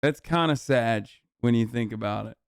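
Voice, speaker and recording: A man's voice: medium pitch, moderate pace, vocal fry, clear, resonant tone, no echo, studio quality. A man streaming and riffing bluntly and profanely on a cooking show he is watching. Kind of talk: casual chat.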